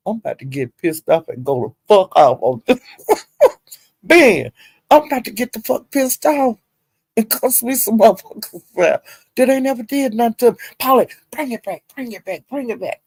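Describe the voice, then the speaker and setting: A woman riffing on a livestream, talking straight to her chat and laughing between lines. She curses freely, jumps from loud outbursts to low muttering, and her voice sits close and dry with no room sound. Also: sing-song, moderate pace, long pauses, breathy edge, no echo. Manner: talks straight to chat viewers by name, laughs a lot, heavy cursing. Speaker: livestream host. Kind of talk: casual livestream commentary.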